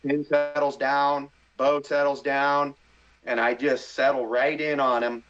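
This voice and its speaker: A middle-aged man, a podcast guest, telling a story in casual chat, animated and excitable, acting out his own inner voice. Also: medium pitch, unhurried, muffled recording.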